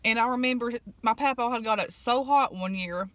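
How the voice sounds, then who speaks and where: Woman vlogger, casual eat-with-me chat, folksy storyteller, slightly raised pitch. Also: brisk, fairly bright tone, no room sound. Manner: folksy storytelling with fillers and throat clearing.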